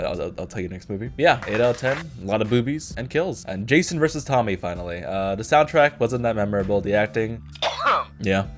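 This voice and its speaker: A young man hosting a casual movie review chat, rambling and swearing, laughing often between remarks. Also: fairly low pitch. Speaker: video host.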